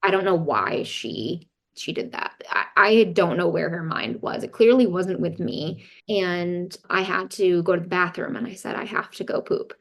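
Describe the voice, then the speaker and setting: A woman's voice: on the low side, measured pace. A woman, a doula, candidly telling a long personal story as a podcast guest and quoting what others said. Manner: candid, recounts events and quotes others. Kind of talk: casual storytelling.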